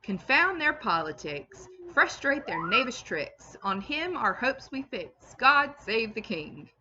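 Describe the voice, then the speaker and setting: Pushing her fairly high voice even higher, a woman reads slowly in a sing-song way, fully taking on the part of a fussy, opinionated elderly English servant who is loyal but scolds freely, loud and emphatic. She sounds like a teacher sharing a classic novel with students; the audio has cut-off highs and slight background noise.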